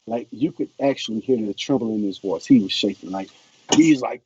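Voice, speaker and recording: A man's voice: mid-range voice, lively intonation, a little fast, background noise. A man, a former pro football player, telling a story animatedly on a video call, acting out quotes with many restarts. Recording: muffled call audio.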